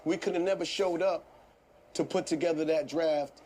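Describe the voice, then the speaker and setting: A man in his fifties, a comedian guest telling stories in a casual interview, animated, laughing often and swearing freely. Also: on the high side, moderate pace, a little hiss or hum.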